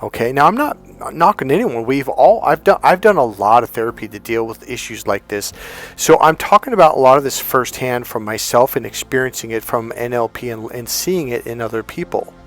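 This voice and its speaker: A man's voice: mid-range voice, brisk. Man coaching in a chatty monologue. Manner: conversational, retells exchanges in quoted dialogue. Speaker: dating and relationship coach. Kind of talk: casual motivational talk to camera.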